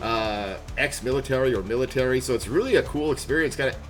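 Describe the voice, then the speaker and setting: A man rambles cheerfully on a live game stream, laughing often as he chats casually in a fast, mid-range voice. He's on a headset, with music playing loudly in the background.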